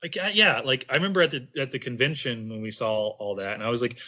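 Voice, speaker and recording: A man's voice: mid-range voice, lively intonation, brisk, sharp tone, dull audio. A man in casual political chat on a podcast, rambling with many fillers and swearing. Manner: rambling, heavy on filler "like", profane.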